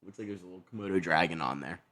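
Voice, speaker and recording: A man's voice: low-pitched, very fast, a bit bright. A man hosting a podcast in casual chat, laid-back, laughing often and trailing off with fillers. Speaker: podcast host.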